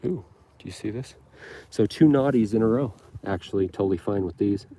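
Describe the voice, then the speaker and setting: A man's voice: on the low side, brisk, dark tone, no room sound. A man hosting a casual lawn care live stream, rambling and upbeat with frequent ums and restarts, outdoors on his lawn. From Utah. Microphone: handheld phone camera.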